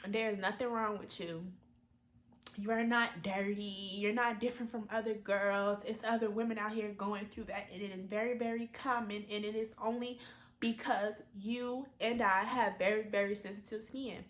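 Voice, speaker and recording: Bright-voiced young woman, close to tears. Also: mid-range voice, steady tone, roomy sound. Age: 20s. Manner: candid, emotional, halting with many fillers. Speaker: vlogger. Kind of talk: personal confessional vlog.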